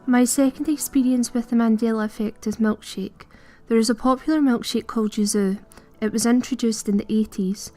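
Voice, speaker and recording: A woman's voice: a little high, steady tone, brisk, warm tone, soft background music. A woman, reading scripted narration in an earnest, puzzled way. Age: early 20s. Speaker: video creator.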